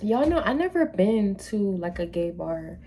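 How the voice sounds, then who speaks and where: A woman's voice: mid-range voice, very animated, a little slow, warm tone, slight background noise. A woman hosting a reaction video, giving blunt, opinionated, slangy commentary on dating stories.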